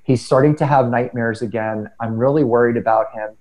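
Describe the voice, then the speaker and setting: A middle-aged man with a dark, mellow voice talks through personal stories in an easygoing conversational way. He is earnest and a little self-deprecating, often restarting mid-sentence as his thoughts catch up. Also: mid-range voice, steady tone, brisk, low-quality recording. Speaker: podcast guest speaker. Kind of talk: casual conversational storytelling.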